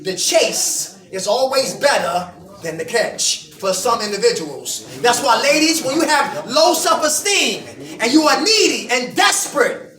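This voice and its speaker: Speaking to an audience in an indoor meeting room, a middle-aged man delivers a recovery talk in a preaching style, peppering listeners with call-and-response questions. His voice is very high, pushed and bright, and it sounds distant in the echoey room.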